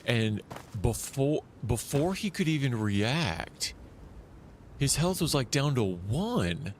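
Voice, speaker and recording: A man streaming a survival shooter live, talking loosely and excitedly as he plays, often restarting his sentences. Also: medium pitch, slow, a little hiss or hum. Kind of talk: live gameplay commentary.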